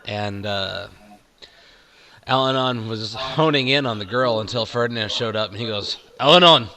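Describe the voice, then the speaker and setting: A man running a tabletop game as game master, narrating with a halting, relaxed flow full of fillers. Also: on the low side.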